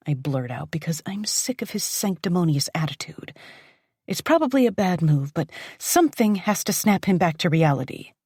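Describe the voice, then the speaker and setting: Woman, audiobook narrator, first-person dark romance, intense, breathy, low voice. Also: very animated, moderate pace, dry recording, clean studio sound. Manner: intense and dramatic, dropping to whispers.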